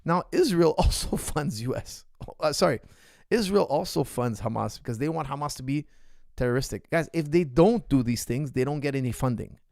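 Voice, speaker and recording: A man's voice: a little high, lively intonation, moderate pace, vocal fry, a little mellow. A man speaks with heated, emphatic conviction, often repeating a phrase to drive it home. His voice sits a little above the usual male range. The recording is dry and close, with no room echo. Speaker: martial arts coach answering viewer questions. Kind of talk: impassioned unscripted monologue.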